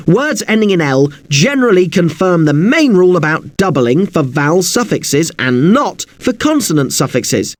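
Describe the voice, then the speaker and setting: A man's voice: high-pitched, no room sound. A man teaching an English spelling lesson, polite and a little apologetic, who spells words out letter by letter.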